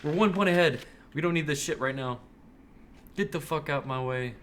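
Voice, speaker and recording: A young man commentating his own online shooter match, excitable and cursing, yelling at other players. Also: a little high, moderate pace, a little hiss or hum. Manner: excitable, swears often, yells at other players. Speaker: gamer streamer. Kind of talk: live gameplay commentary.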